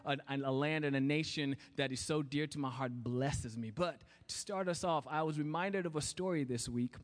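A man's voice: a little high, normal speed, soft background music. Man telling a story in a reverberant hall. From outside the United States. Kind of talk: sermon storytelling.

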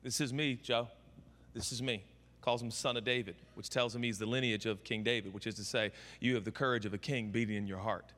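Male preacher, lively, bright sharp tone, joking sermon, echoey big room. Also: fairly low pitch, fast talker, hardly any pauses. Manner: animated comic storytelling preacher. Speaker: pastor. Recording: long hall reverb.

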